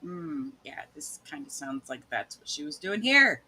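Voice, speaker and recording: A woman's voice: low voice, sing-song, measured pace, bright, forceful tone, husky. A woman co-hosting a casual commentary chat, blunt, scornful and profane.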